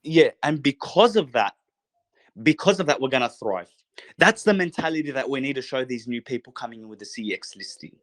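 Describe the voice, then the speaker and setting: A man's voice: mid-range voice, lively intonation, fairly quick, no room sound. A man hosting a podcast late at night from a bedroom in a holiday house, giving a fervent, profane, rallying monologue to his listeners. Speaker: podcast host.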